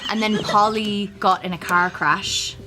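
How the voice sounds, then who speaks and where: A woman, chatting as a guest and telling lively stories with frequent laughter. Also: medium pitch, unhurried, loud music behind the voice. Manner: animated storyteller, laughs often. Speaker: celebrity guest. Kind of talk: casual chat interview.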